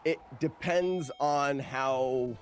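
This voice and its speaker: A man's voice: medium pitch, drawn-out words, faint music behind. A man streaming a game and commenting casually, rambling and self-mocking, often laughing and swearing. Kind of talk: casual live gameplay commentary.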